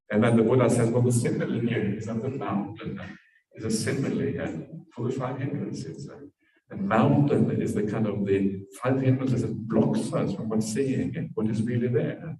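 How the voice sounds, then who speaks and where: Male monk teacher, low and mellow, dharma talk, distant echoey mic. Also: normal speed. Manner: storytelling with frequent tag "yeah"s. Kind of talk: dharma talk at a meditation retreat.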